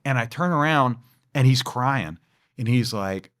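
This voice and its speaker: A man co-hosting a podcast, telling a personal story in a lively, animated way. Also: medium pitch, measured pace. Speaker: podcast co-host. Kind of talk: storytelling in casual chat.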